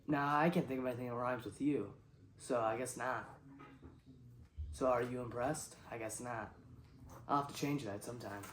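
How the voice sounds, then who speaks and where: Rambling deadpan man in an echoey room. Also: medium pitch, normal speed, long pauses, a little hiss or hum. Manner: rambling, deadpan, with sudden loud outbursts. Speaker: comedy show host. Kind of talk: absurdist deadpan monologue.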